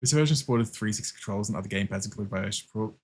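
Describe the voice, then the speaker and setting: A man streaming a game and chatting casually, excitable, laughing a lot and swearing often. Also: lowish voice, rapid-fire, slightly rough. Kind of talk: casual livestream chat while gaming.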